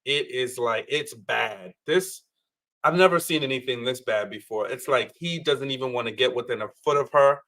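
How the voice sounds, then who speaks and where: A man's voice: mid-range voice, moderate pace, sharp tone. A man commenting on a reality show in an incredulous, mocking way. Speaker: panel co-host. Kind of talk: casual commentary chat.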